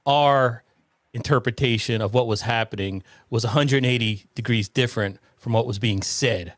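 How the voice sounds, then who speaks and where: A man's voice: medium pitch, normal speed, no room sound. Podcast co-host: man with blunt jokey asides, dry sound. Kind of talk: casual chat.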